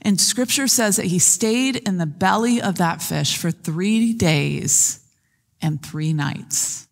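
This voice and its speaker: A woman pastor giving a sermon, retelling scripture in a lively storytelling manner. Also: lowish voice, takes it slowly, vocal fry, in a large hall. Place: church sanctuary.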